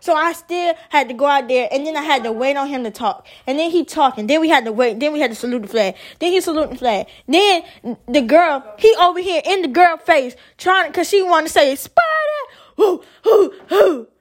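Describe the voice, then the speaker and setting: A young woman with a high voice rants about her army training day in a casual vlog. She swears freely and sounds fed up, and she keeps addressing her listeners as "podcast". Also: a little fast, hardly any pauses. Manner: profane, exasperated ranting; talks to the camera as "podcast". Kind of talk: casual venting to camera.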